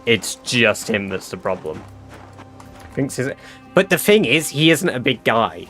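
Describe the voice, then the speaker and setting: A man's voice: mid-range voice, very animated, unhurried, fairly bright tone. Man telling a sweary story. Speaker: game streamer. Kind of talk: casual livestream chat. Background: game music.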